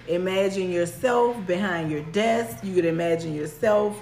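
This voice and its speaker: A woman's voice: lowish voice, normal speed, a little mellow, soft background music. A woman co-hosting a podcast, talking bluntly and scolding her co-host. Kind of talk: casual banter. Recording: echoey room.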